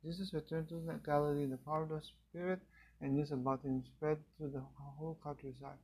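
A man reads scripture aloud in a steady, unhurried way. His voice sits a little high and carries a gravelly, husky edge. He sometimes stumbles and corrects himself mid-phrase. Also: poor audio. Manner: steady unhurried reading with occasional slips and restarts. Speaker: Bible reader.

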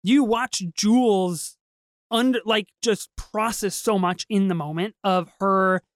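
A woman co-hosting a podcast in casual chat, talking quickly and eagerly with lots of restarts. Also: medium pitch, dry recording. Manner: fast, animated, with repeated restarts. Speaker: podcast co-host.

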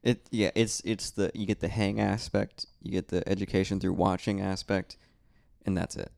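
A young man, a stand-up comic, chats and jokes on a podcast. His low voice has a gravelly fry. He often jumps into silly impressions, and the recording is dry and close. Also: level tone, normal speed, a little mellow, no echo. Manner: joking, mimics people in goofy high voices. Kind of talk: casual chat.

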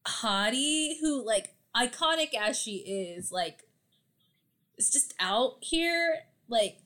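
Slow, halting woman on a podcast. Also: on the high side, lively intonation, fairly bright tone. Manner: drawn-out, halting, many fillers. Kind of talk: casual podcast chat.

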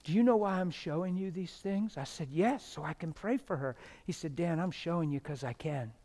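A middle-aged man preaching a testimony sermon, swinging from loud shouted stretches to hushed, near-whispered ones. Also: on the high side, moderate pace.

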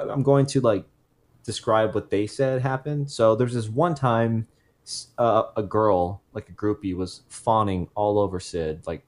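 Casting note: man, low-pitched podcast co-host, loose rambling storyteller, self-correcting, jokey asides. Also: a little mellow. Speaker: podcast co-host telling the case.

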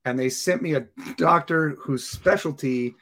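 Man telling a lively story. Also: fairly high pitch, unhurried. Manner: animated, acts out dialogue and laughs while telling. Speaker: firefighter guest. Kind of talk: casual storytelling in an interview.

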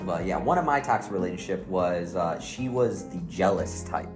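A man's voice: low-pitched, lively intonation, moderate pace, soft background music. A young man co-hosting a podcast, telling a story in a casual, jokey way and laughing often. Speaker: podcast co-host.

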